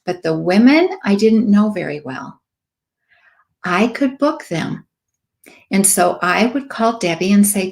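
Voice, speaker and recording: Delivering a motivational talk, this woman, a sales director in her late fifties, spins lively anecdotes and mimics the voices of those she quotes. She has a mid-range voice and moves at a moderate pace, with an emphatic manner and preachy asides.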